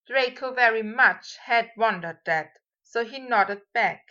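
Slow, bright-voiced woman reading a story. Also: on the high side, muffled recording. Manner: measured, steady reading. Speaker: audiobook reader. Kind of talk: scripted story narration.

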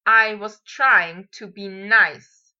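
A woman's voice: mid-range voice, takes it slowly, muffled recording. Draco Malfoy, a woman voicing a prim young man. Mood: stiff. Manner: flat, stiff delivery. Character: young man, stiff, prim, sharp-tongued.

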